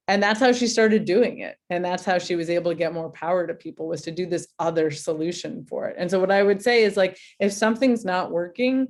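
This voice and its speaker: A woman mentor giving casual advice, telling an animated story full of "like" fillers. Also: fairly low pitch, fairly quick, hardly any pauses.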